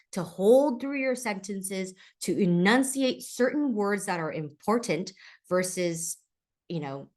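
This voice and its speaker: A woman teaching a public speaking webinar in a chatty way, reading out questions from the chat. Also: medium pitch. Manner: conversational, reads audience questions from chat.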